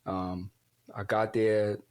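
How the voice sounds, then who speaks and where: A man in his thirties, a podcast guest, speaking hesitantly with many pauses and fillers. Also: on the low side, flat delivery, darkish tone. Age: 30s. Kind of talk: conversational interview.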